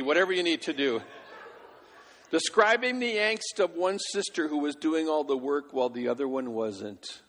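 A male pastor delivers a sermon with a gravelly, slightly husky voice. He is animated and acts out the voices in his stories. His words ring out with the long reverb of a church hall. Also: mid-range voice.

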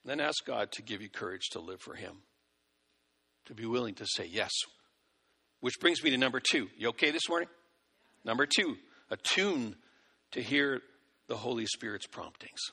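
A man's voice: medium pitch, expressive, moderate pace, pauses often, pushed and bright, husky. A male preacher giving a sermon, exhorting and folksy, with acted-out asides, in a church hall. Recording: long hall reverb.

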